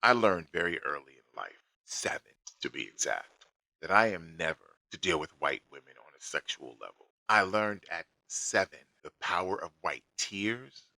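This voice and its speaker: A man tells a personal story in a blunt, emphatic monologue. His voice sits very low but carries a sharp, forceful edge, and the sound is dry and close with no room around it. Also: very animated, moderate pace, creaky, dry recording, low-quality recording. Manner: blunt, emphatic, recounting events step by step.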